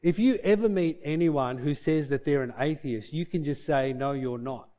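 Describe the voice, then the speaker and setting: Earnest preacher, mellow voice. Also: male voice, a little high, normal speed. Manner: earnest, conversational, animated storytelling. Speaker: pastor. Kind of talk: sermon with Bible reading and personal story.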